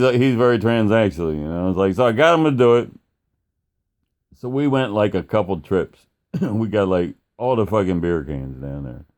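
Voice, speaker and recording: A man with a low, slightly mellow voice tells a story casually, rambling and swearing. He uses plenty of fillers and acts out quotes along the way.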